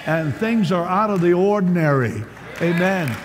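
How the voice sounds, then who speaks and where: A somewhat high-pitched man preaches in a large church hall, his voice trailing off in a long reverb. He tells his stories with lively swings from near shouts to hushed tones. A faint hiss sits under the recording. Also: normal speed. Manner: animated storytelling preacher, swings from loud to hushed. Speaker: pastor. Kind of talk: sermon.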